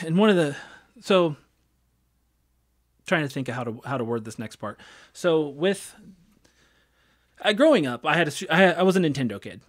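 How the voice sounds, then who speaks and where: A man's voice: on the high side, lively intonation, moderate pace, pauses often. Rambling man hosting a podcast. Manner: rambling, many fillers and restarts. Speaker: podcast host. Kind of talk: casual chat.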